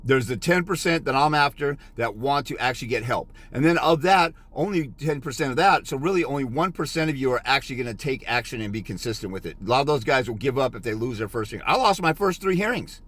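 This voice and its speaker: A man's voice: medium pitch, expressive, quick pace, few pauses, fairly bright tone. A middle-aged man giving a blunt, scolding motivational rant as a fathers' rights consultant, lecturing harshly.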